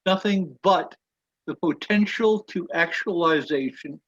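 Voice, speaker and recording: High-voiced man reading slowly on a call. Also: fairly bright tone. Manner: measured, deliberate reading with stressed words. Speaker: reader in a study webinar. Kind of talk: reading quotes aloud with commentary. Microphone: video call. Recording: dull, dry video-call audio.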